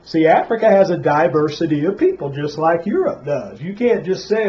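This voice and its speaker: A man's voice: fairly high pitch, expressive, moderate pace, few pauses, highs cut off, slight background noise. Man preaching a Sabbath class. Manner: preachy, repeats "Praise Yah", rhetorical questions. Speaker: Bible class teacher.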